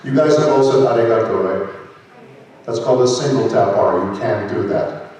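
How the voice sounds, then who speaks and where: A man speaking as a guest on a convention panel, telling stories in an animated way and breaking into short accent demos. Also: mid-range voice, normal speed. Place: large convention hall. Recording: echoey hall from far off.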